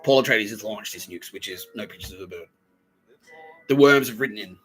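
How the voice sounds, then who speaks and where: Low, bright-voiced rambling man. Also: faint music behind, poor audio. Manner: rambling, profane, acts out scenes in quick voices. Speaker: podcast host. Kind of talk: comedic monologue.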